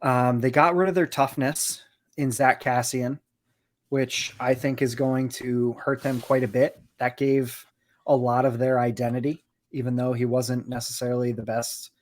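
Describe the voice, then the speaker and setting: A man co-hosting a podcast, giving steady, analytical hockey talk with frequent "you know"s. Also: mid-range voice. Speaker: podcast co-host. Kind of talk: casual hockey chat.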